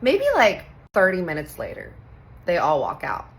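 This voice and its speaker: A woman in her thirties from Texas tells a personal story in a low-pitched voice that swings widely up and down. She is animated and playful, slips into quoted voices and drops casual curses. A faint hum of room noise sits underneath. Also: normal speed, low-quality recording.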